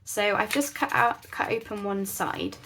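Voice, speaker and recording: Chatty woman, slightly gravelly. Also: medium pitch, unhurried, bright, forceful tone. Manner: chatty, rambling, self-deprecating. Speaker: crafting channel host. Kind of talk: casual craft tutorial chat.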